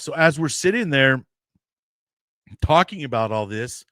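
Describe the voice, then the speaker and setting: A man's voice: medium pitch, slow pace, pauses often, no room sound, studio quality. Rambling American man telling a story. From United States. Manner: rambling, animated storyteller acting out quoted voices. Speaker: podcast host. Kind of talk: casual storytelling.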